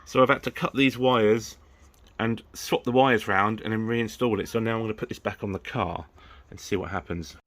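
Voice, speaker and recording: A man's voice: lowish voice, fairly even intonation, normal speed, fairly bright tone. Man, casual car repair vlog, chatty, frustrated, swears, laughs at himself, under the car, camera close up. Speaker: car modding vlogger. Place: garage, working under a car. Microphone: camera close to his face under the car.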